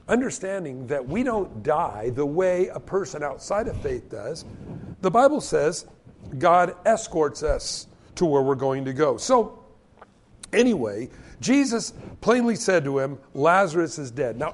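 Animated high-voiced male preacher. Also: a little slow. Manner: animated storytelling, acting out quoted voices. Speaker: pastor. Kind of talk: sermon.

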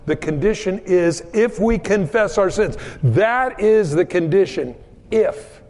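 A man with a fairly high voice preaching at an unhurried pace, as a pastor talking to his flock. He mixes scripture with easy storytelling about family life and briefly acts out the voices in his stories. The sound has a long reverb, like a big church sanctuary. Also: expressive, darkish tone. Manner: conversational preaching with homespun stories and quoted voices. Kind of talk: sermon.

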